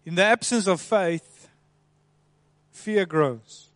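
A man preaching a sermon, swinging between soft, hushed passages and loud, emphatic ones. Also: high voice, slow, no echo.

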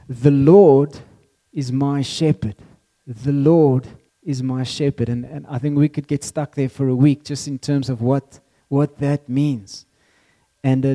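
Dark-toned man preaching slowly. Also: fairly high pitch. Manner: slow, reflective reading, repeating phrases. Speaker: pastor. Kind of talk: sermon.

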